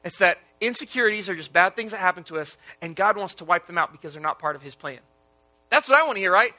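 Bright-voiced casual young preacher. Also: male voice, high-pitched, lively intonation, fast talker. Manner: casual, conversational preaching with frequent restarts. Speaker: pastor. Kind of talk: sermon.

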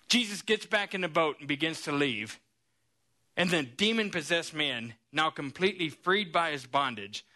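A man preaching a sermon, telling Bible stories in an animated way and checking in with the congregation as he goes. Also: sits high. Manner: animated storytelling with frequent "okay?" and "right?" check-ins.

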